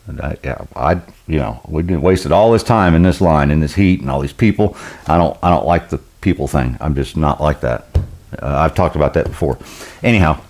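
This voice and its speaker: Deep-voiced man telling a folksy story. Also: lively intonation, a little fast, creaky, a little mellow. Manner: rambling, chuckles often, folksy. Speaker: vlogger. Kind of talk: casual storytelling.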